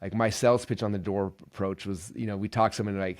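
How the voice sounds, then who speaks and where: A man's voice: lowish voice, fast talker, few pauses. A man hosting a podcast, telling stories in a casual, enthusiastic monologue full of "like" and "right". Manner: energetic, enthusiastic, many fillers like "like" and "right". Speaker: podcast host.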